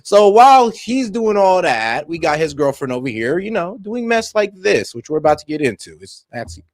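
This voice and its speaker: A man doing casual reaction commentary on political news, animated and joking, laughing at his own asides. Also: fairly high pitch, normal speed, dry recording.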